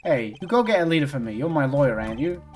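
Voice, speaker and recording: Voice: medium pitch, big pitch swings, quick pace, darkish tone, close to an everyday voice. A streamer voicing a swaggering young male heir who talks in gangster slang. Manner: slangy street talk, drawled.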